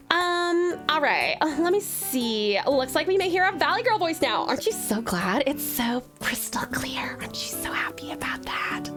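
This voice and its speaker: A woman from Tasmania, chatting casually on a live stream, thanking viewers by name and laughing often. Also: high voice. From Tasmania, Australia.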